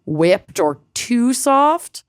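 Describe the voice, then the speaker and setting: Smooth-voiced chatty woman podcast host. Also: a little high, very animated, drawn-out words, no echo, studio quality. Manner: chatty, blunt, swears casually. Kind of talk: casual chat.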